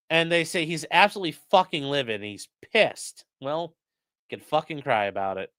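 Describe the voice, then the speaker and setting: A man's voice: fairly high pitch, very animated, normal speed, a bit bright, clear, resonant tone, dry recording. Crude, mocking male streamer. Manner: crude, mocking, reads chat aloud. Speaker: streamer commentating on news. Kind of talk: casual live-stream commentary.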